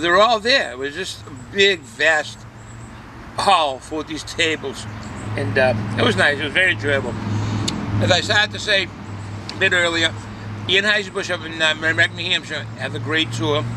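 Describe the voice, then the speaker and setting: A man's voice: on the high side, noisy background. An older man chatting casually as a beer reviewer, rambling with many fillers and restarts. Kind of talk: casual chat.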